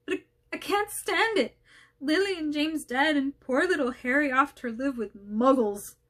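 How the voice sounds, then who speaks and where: A woman reading aloud as a big, gruff, soft-hearted male half-giant who stammers and sobs. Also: mid-range voice, moderate pace, close to an everyday voice. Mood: sobbing. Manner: tearful, sobbing and stammering. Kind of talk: audiobook reading.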